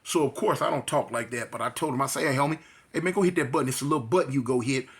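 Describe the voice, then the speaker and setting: A man's voice: medium pitch, very fast. A man from California, telling a story in a casual, slangy way and acting out voices and sound effects. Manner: animated, acts out quotes and sound effects, slangy. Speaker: storyteller recounting jail experiences.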